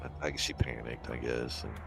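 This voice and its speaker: A man, chatting crudely over voice chat and breaking into loud laughs and whoops. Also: very deep voice, fairly even intonation, moderate pace, gravelly. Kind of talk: casual chat.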